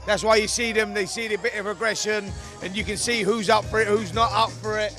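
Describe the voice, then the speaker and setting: A male boxing pundit talking casually and loosely, circling back through fillers. His voice sits high and sounds bright and forceful, with faint music under it. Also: steady tone, fairly quick. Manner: chatty, rambling with fillers. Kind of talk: casual studio commentary.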